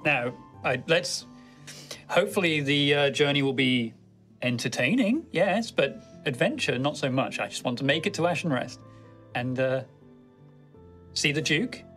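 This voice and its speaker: A man's voice: on the high side, animated, a little slow, pauses often, a bit bright, faint music behind. A man voicing a hesitant, wry young nobleman who doesn't want to travel. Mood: reluctant.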